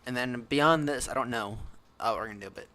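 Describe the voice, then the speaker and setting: A young American man talks quickly with a sharp tone in a mid-range voice as he streams a flight simulator. The chat is casual and rambling, full of self-corrections.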